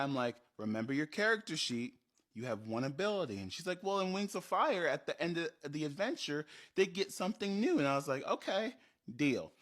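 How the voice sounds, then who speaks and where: A man telling a casual story about running a tabletop game, animated and rambling, with quick restarts. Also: mid-range voice.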